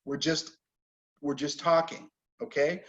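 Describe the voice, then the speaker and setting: Slow-speaking male English teacher. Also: fairly high pitch, flat delivery, dull audio. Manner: patient, explains pronunciation slowly. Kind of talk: online class teaching.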